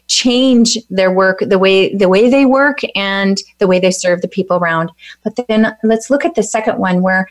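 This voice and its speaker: Encouraging woman host interviewing a guest. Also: mid-range voice. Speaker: host, spiritual life coach. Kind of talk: casual interview chat on a live stream.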